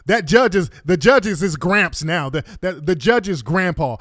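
A man's voice: fairly high pitch, animated, unhurried, hardly any pauses, no room sound, studio quality. A man giving indignant, profane, mocking commentary while reacting to court video. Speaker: online commentator.

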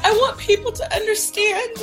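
A woman speaking through tears in a halting, emotional way, in a video clip. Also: extremely high pitch, steady tone, soft background music. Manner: halting, emotional, soft-spoken. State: tearful, crying.

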